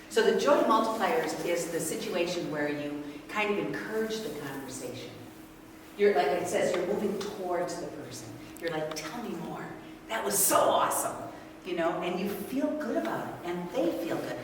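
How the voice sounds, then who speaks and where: Brief: older woman workshop speaker, lowish voice, lively with the audience, distant mic in a big echoey hall. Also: moderate pace. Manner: animated, asks the audience questions. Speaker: speaker leading a parent workshop. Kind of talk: interactive talk to an audience. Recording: echoey hall from far off, noisy.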